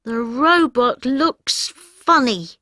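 A woman voicing a cheerful young boy in a children's storybook, bright and exaggerated. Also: high-pitched, animated, very slow, no room sound, clean studio sound, pitched above the performer's own voice, exaggerated voice. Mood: surprised.

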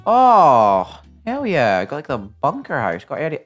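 A British man plays through a game on video and chats as he goes, bantering and joking. His voice swings hugely from low mutters up to loud, high yelps. Soft game music plays faintly underneath. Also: a little slow. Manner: excitable, jokey banter with sudden loud yelps. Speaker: gaming video creator. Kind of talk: playing a game and commenting.

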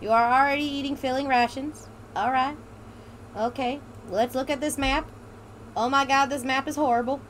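A woman's voice: high voice, steady tone, moderate pace, slight background noise. A woman hosting a let's play, joking around and reading game text aloud in a put-on drawl. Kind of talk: casual gameplay commentary.

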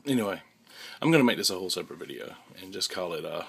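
Gravelly man halting through a vlog. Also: low-pitched, lively intonation, fairly bright tone. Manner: halting, many restarts and fillers. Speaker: vlogger. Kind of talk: casual vlog to camera. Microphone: handheld camera mic.

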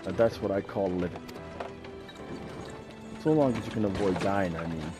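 A man's voice: deep voice, normal speed, lightly acted. A man voicing a talkative old male peddler with a rustic put-on accent, reading game lines aloud and stumbling at times. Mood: folksy. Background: game music.

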